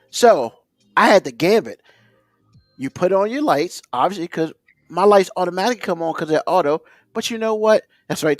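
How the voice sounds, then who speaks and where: A man's voice: high voice, no echo. A man ranting on a podcast, mocking other drivers with put-on quotes. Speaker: podcast co-host. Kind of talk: ranting casual chat.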